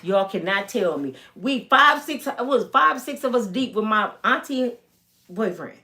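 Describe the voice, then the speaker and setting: With a medium-pitched voice and a measured pace, a storytelling vlogger from Michigan, in her fifties, shares something from her own life. Her delivery is casual yet emphatic and lively, and she performs the different voices.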